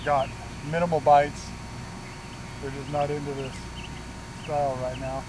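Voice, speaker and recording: A man with a slightly high voice talks to the camera while he fishes by a pond outdoors. He is chatty and excitable, and the camera mic picks up faint outdoor sound behind him. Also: unhurried, background noise. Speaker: fishing vlogger. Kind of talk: casual outdoor fishing vlog. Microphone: action camera or DSLR mic.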